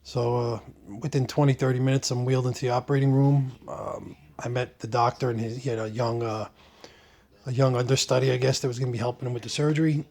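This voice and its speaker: A man tells his story in a loose, conversational vlog style, full of ums, uhs and restarts. His pitch sits right in the middle for a man, and he keeps a casual, joking tone. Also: fast talker, gravelly. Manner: relaxed, joking, frequent fillers and restarts. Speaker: vlogger recounting his surgery. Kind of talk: casual first-person storytelling.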